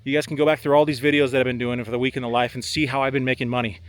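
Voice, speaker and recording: A young man talks to camera while out on a golf course, slightly out of breath. His tone is relaxed and chatty, full of filler words like "like" and "man". His voice sits at an ordinary mid pitch for a man. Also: very fast. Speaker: options trader and vlogger. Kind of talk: casual vlog talk to camera.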